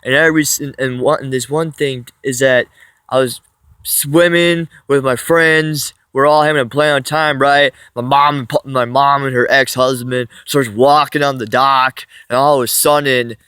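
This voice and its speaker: A man's voice: mid-range voice, fairly even intonation, moderate pace, pushed and bright, clear, resonant tone, no echo. A man telling a story in a casual vlog, rambling with many restarts, recorded on his phone. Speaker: vlogger.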